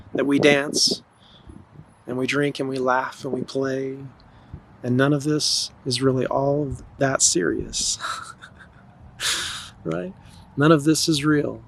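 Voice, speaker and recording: A man speaks in a calm, gentle, nurturing way, delivering a meditative spiritual talk at a very slow, unhurried pace. He is outdoors, with faint wind and traffic noise behind him. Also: mid-range voice, rough recording. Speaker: spiritual teacher.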